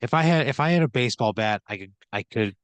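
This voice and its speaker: A man taking part as a player in an improvised story game, thinking out loud and swearing in disbelief. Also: medium pitch, animated, quick pace, no room sound. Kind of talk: casual improvised role-play.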